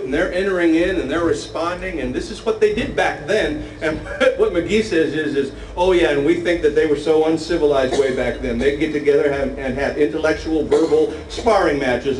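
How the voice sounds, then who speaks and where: A man with a slightly high voice leads a relaxed Bible class, joking with his group as he reads passages aloud. He sounds set back from the mic in an echoey meeting room, with faint noise underneath. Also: distant mic. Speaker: Bible study teacher. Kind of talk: casual Bible class teaching. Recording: roomy echo, from afar, faint noise.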